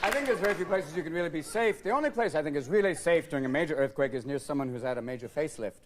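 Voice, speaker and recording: A man's voice: fairly high pitch, lively intonation, rapid-fire, a crowd in the background. A man in his forties riffing comically as a talk show guest, breaking into silly voices. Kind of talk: comedic talk show chat. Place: TV studio with live audience. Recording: loud audience laughter and studio noise.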